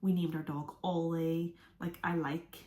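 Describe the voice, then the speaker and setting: A woman's voice: low-pitched, flat delivery, unhurried, a little mellow. A young woman vlogging to camera in a rambling, chatty way, now and then dropping into a whisper. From from outside the USA. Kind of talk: casual chat to camera. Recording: echoey room.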